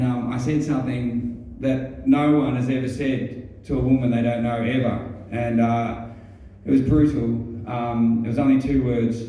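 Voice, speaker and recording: A man with an Australian accent telling a rambling stand-up comedy story, halting often with ums and restarts and swearing freely. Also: medium pitch, warm tone, a little hiss or hum. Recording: very echoey room, mic far off.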